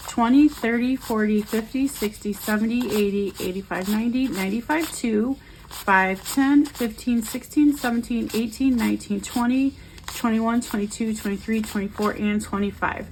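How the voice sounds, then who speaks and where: Woman, budgeting vlogger, bright higher pitch, chatty and cheerful, light background hiss. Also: moderate pace. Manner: cheerful, chatty, counts money aloud. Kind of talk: upbeat casual vlog while cash stuffing.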